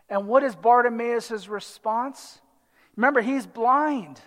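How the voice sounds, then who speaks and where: High-voiced man preaching in a hall. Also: slow. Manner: animated, dramatizes the crowd and the blind man in quotes. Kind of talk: expository sermon. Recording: long hall reverb.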